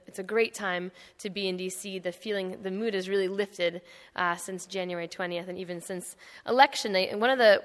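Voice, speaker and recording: Woman panel speaker, bright, conversational, restarts often, reverberant hall. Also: mid-range voice. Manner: conversational, storytelling with frequent fillers and restarts. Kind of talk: public talk at an event. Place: indoor hall.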